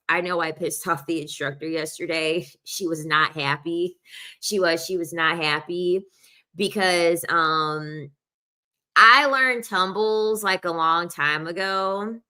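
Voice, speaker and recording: Bright-voiced woman chatting casually. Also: lowish voice. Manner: rambling, lots of "like" fillers; laughs while talking. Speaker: podcast host. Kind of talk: casual chat.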